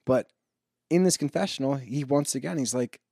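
A man hosting a casual reality-TV recap podcast, talking in an animated, sarcastic way and swearing freely. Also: mid-range voice, normal speed, gravelly, slightly rough, no echo, studio quality. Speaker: podcast host.

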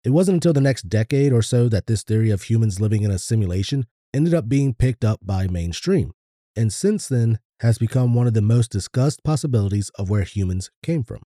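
A man's voice: lowish voice, lively intonation, brisk, dark tone, no echo, clean studio sound. A man co-hosting a podcast in casual chat, laid-back and swearing casually. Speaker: podcast co-host.

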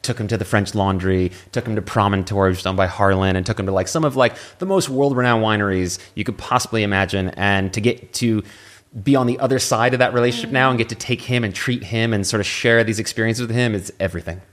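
A middle-aged man from California, a guest in a relaxed conversation who talks quickly and tells his stories with eager enthusiasm. His voice sits fairly low. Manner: enthusiastic storyteller. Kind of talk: casual conversation.

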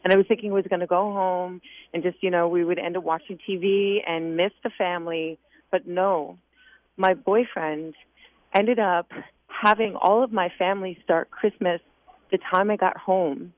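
A woman's voice: on the low side, steady tone, moderate pace, no room sound. A woman calling in to a radio show, telling a story and getting choked up. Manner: emotional, choked up. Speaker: caller. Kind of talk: phone-in storytelling. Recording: tinny phone line.

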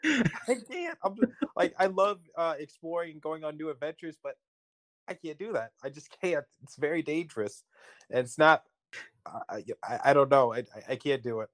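A man's voice: a little high, normal speed. A man in a casual chat, hesitant and stammering, then emphatic.

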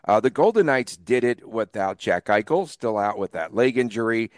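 A man hosting a sports podcast in casual, upbeat chat, talking in quick runs with some fillers. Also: on the low side, animated, no echo, studio quality. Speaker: podcast host.

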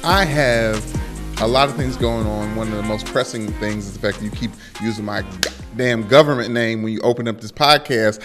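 A young man co-hosting a sports podcast, telling stories in a playful, animated way. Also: fairly low pitch, normal speed, music in the background. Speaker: podcast co-host. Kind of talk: casual sports podcast chat.

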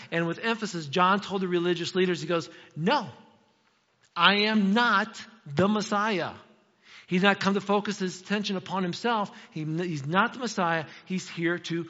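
A middle-aged man preaches in a chatty, storytelling way. His voice is bright and forceful and sits a little high. It carries a long church reverb with a slightly muffled, lo-fi tone. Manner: storytelling, animated and conversational with asides to the congregation. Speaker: pastor. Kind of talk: sermon. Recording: muffled sound in a reverberant hall.

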